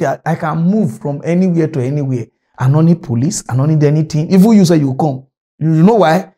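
A man's voice: on the high side, warm tone. A man from Delta State, Nigeria, with a Nigerian Pidgin accent, ranting in an agitated, scolding monologue about politics. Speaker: political commentator. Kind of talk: impassioned monologue rant.

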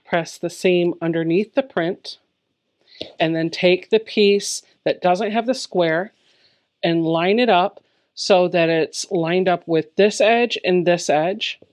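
A woman's voice: fairly low pitch, takes it slowly, a little mellow. A woman giving a step-by-step quilting tutorial, explaining each step plainly in a friendly, encouraging way. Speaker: quilting instructor.

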